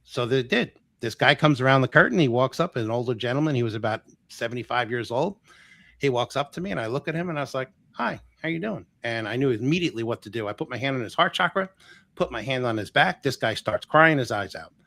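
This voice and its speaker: In a storytelling interview, a male energy healer guest tells stories with animation, acting out dialogue and laughing often. His mid-range voice moves fast, and the recording is dry and close.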